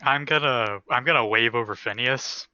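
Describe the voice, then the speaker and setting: A man's voice: mid-range voice, moderate pace, sharp tone, smooth, dry recording, lo-fi sound. A man playing a tabletop game, taking charge of his character's moves. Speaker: player.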